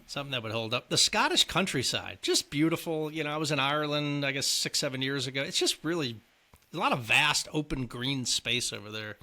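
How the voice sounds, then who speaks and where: An easygoing man co-hosting a casual movie podcast, tossing questions to his partner. His bright voice moves up and down a lot as he talks. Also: mid-range voice, lively intonation, a little fast. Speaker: podcast co-host.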